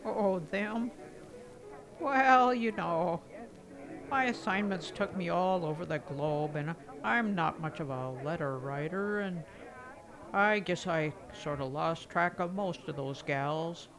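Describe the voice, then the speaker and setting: A man's voice: high voice, takes it slowly, crowd noise, rough recording. A man voicing a rambling, sheepish old retired secret agent who lives in an old folks' home. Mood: vague. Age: older.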